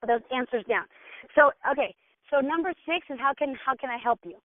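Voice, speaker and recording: A woman's voice: sits high, fairly quick, no echo. A woman giving an informal business training talk, speaking conversationally and acting out sample questions with plenty of fillers. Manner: conversational, acts out sample dialogues, many fillers. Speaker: business mentor. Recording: tinny phone-like dry sound.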